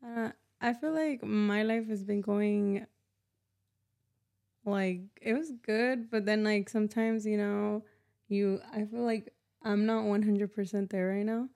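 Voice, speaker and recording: A woman's voice: mid-range voice, fairly even intonation, takes it slowly, gravelly, mellow. A young woman who is a podcast guest, speaking hesitantly with many fillers in casual chat.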